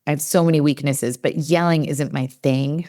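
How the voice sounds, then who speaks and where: Low-voiced woman explaining parenting. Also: fairly even intonation, moderate pace, warm tone. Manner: chatty, many fillers and quoted asides. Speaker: guest, developmental psychologist. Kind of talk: conversational podcast interview.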